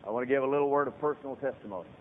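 A man preaching a sermon as a pastor, swinging from hushed talk to loud shouted peaks. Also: mid-range voice, racing, a little hiss or hum. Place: church sanctuary. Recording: tinny lo-fi sermon recording in reverberant hall.

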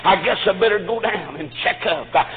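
A man's voice: high voice, lively intonation, brisk, narrow, tinny audio. A man preaching a fervent sermon, punctuating his phrases with "uh". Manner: fervent, with frequent "uh" between phrases.

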